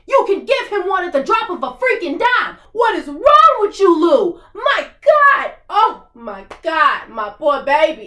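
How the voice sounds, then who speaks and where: Woman reaction host, heated and profane, high voice with wide swings, roomy echo. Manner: heated, profane, animated ranting. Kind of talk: TV episode reaction rant. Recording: echoey room.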